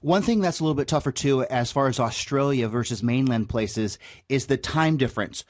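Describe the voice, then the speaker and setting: A man's voice: mid-range voice, fairly quick. Playful chatty male podcast host. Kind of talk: interview questions.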